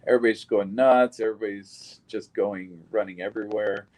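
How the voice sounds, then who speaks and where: A man with a somewhat low voice recounts events in a recorded witness interview. He speaks bluntly and plainly, and he swears now and then. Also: steady tone, brisk, a little mellow, low-quality recording. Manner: blunt, plain-spoken retelling with occasional swearing. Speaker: shooting survivor giving a statement.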